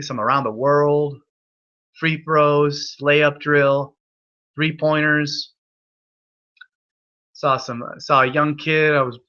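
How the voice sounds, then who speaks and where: A man's voice: on the high side, bright, forceful tone, highs cut off. A young man hosting an online hangout, telling a rambling, profane story full of restarts. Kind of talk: rambling casual chat.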